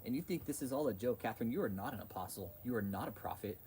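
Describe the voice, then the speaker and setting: A man's voice: mid-range voice, expressive, very fast, a little mellow, slight background noise. A man hosting a livestream, ranting in a heated, profane, repetitive way. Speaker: channel host.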